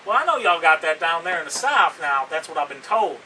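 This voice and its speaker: A cocky Canadian pro wrestler cuts a boastful promo interview, trash-talking with swagger in a high, piercing, tense voice that swings widely in pitch. He speaks a little fast, pushed and bright, picked up by a distant mic with faint background hiss.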